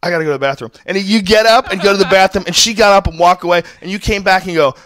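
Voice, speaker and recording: Animated, profane man telling a story. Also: high-pitched, racing, no echo. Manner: animated, profane, bursts into loud laughing shouts. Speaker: podcast host. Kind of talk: casual storytelling chat.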